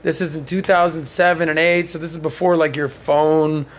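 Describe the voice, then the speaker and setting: A man in his thirties hosts a loose podcast conversation, telling stories with lots of energy. His voice sits a little high for a man, and he breaks into shrill mocking impressions when quoting others. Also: flat delivery, moderate pace. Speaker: podcast host. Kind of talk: casual chat.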